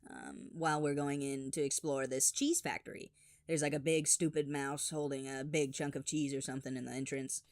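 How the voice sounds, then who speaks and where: A man telling funny childhood stories in an animated, exaggerated voice-over. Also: medium pitch, moderate pace, no room sound, clean studio sound. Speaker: storyteller. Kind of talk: animated comedic storytelling.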